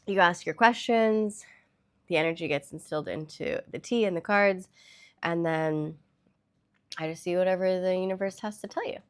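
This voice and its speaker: A woman's voice: on the low side, moderate pace, clean tone. A woman hosting a casual tarot reading vlog, chatty and loose, with the odd swear word. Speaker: tarot reader.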